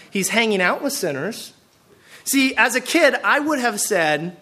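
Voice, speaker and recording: A man from the Pacific Northwest of the US preaching a sermon as a pastor, animated and full of rhetorical questions. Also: sits high, measured pace.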